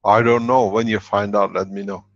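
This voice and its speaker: A man with a low, gravelly voice fields questions in an online workshop. He is blunt and joking, and his English is halting. The sound is dry and dull, like lo-fi video call audio. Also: flat delivery, no room sound. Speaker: workshop speaker. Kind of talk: live online Q&A talk.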